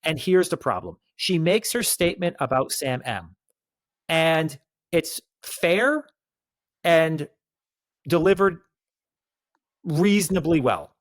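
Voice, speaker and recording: A man's voice: a little high, slow pace, pauses often, no echo. A man co-hosting a casual recap chat, talking emphatically and acting out what people said. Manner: animated, emphatic, acts out quotes. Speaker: podcast co-host.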